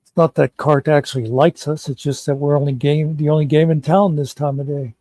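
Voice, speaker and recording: A man's voice: fairly high pitch, level tone, fairly quick, dark tone, no echo. An American man hosting a casual live-stream chat, joking easily with his co-hosts. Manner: easygoing, joking. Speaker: stream host.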